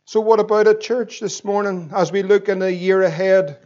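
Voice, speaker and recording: A high-voiced Northern Irish pastor in his thirties preaches with fervent energy, pressing his listeners with emphatic questions. The recording sounds a little muffled and dull. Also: fairly even intonation, normal speed, a little mellow. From Northern Ireland. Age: 30s. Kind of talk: sermon.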